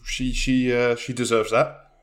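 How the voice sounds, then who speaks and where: A man's voice: mid-range voice, level tone, measured pace. A British man co-hosting a casual comedy chat, sweary and sarcastic, often acting out mocking quotes. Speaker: podcast co-host.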